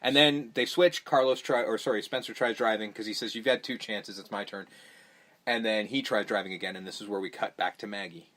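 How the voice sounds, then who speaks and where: A man's voice: fairly low pitch, fairly even intonation, brisk, a bit bright. A man casually recapping a horror movie on a podcast, swearing freely and acting out the characters' lines. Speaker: podcast host.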